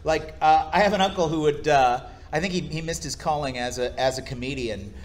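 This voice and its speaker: A voice actor appearing as a guest on a convention panel tells stories in an animated way, a little fast and with a fairly high-pitched voice. He keeps slipping into impressions as he goes.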